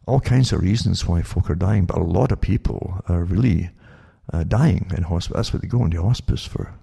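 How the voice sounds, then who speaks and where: A man's voice: deep voice, a little fast, gravelly, warm tone, slightly rough. A man hosting a monologue talk show, rambling with many repeated words and stumbling restarts. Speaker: show host.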